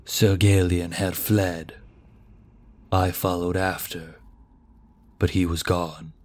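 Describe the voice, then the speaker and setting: A man's voice: low-pitched, level tone, darkish tone. A man voicing a grim vengeful knight. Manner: slow, heavy, solemn delivery. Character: grim vengeful male knight, stern and bitter.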